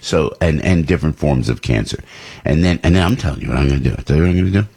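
A man's voice: a bass voice, expressive, very fast, gravelly, mellow, husky. A talk radio host from New Jersey giving opinionated commentary, rambling and restarting his sentences often. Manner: rambling, with many restarts and repeats.

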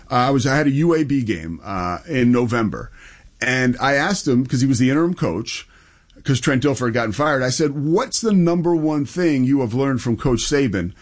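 A man co-hosting a casual sports talk show, telling interview stories in an enthusiastic, conversational way. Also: medium pitch.

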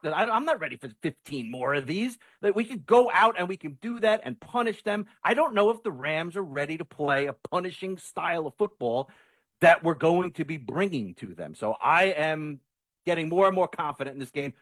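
A man with a slightly high voice talks football on a podcast, confident and emphatic. He often stumbles into repeated starts. The sound is dry and close. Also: very animated, brisk, fairly bright tone, no room sound. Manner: confident, stammering restarts. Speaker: sports commentator. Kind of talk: sports talk podcast.

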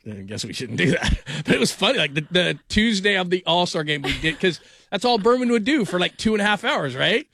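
A man hosts a sports talk radio show in a slightly higher voice, joking and rambling through stories. The sound is dry and close, like a radio studio. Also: expressive, a little fast, pushed and bright, no room sound. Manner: jokey, rambling storyteller. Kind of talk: casual sports radio chat.

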